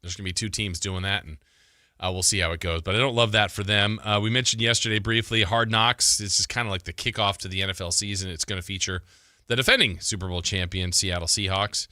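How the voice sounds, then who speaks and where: Bright, dry-voiced sports radio host. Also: male voice, deep voice, fairly even intonation, quick pace, no room sound. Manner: conversational, thinks aloud with fillers and restarts. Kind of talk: sports talk radio commentary.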